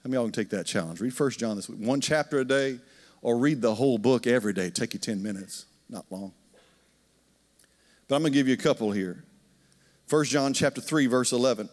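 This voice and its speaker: A man's voice: mid-range voice, a little fast. A man, preaching a conversational sermon and telling stories while asking the congregation questions. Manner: storytelling, animated, asks the congregation questions. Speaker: pastor. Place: church sanctuary. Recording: long hall reverb.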